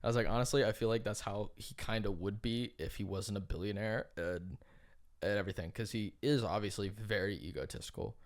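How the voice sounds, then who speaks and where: A man's voice: lowish voice, a little fast. A man co-hosting a podcast in casual chat, telling a long story full of "like" fillers and casual swearing. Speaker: podcast co-host.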